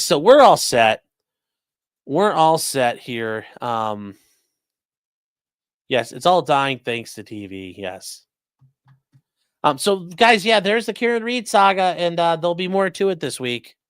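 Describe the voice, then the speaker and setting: A Midwestern man with a Great Lakes American accent hosts a casual livestream, rambling as he reads viewers' super chats aloud. His voice is a little high and sing-song, slow-paced with long pauses, somewhat bright and clean-toned. The recording is dry with clean studio sound.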